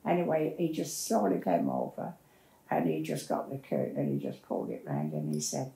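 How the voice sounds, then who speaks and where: A woman's voice: extremely low pitch, very animated, normal speed, vocal fry, dark tone. An older woman, telling her life story in a plain-spoken, rambling way as an interviewee. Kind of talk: personal storytelling. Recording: roomy echo.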